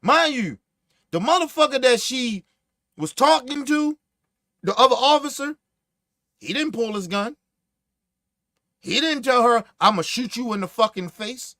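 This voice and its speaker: Profane, animated high-voiced male host. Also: unhurried, long pauses, dry recording, clean studio sound. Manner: profane, animated storytelling with acted-out quotes. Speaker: podcast host. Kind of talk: casual opinionated commentary.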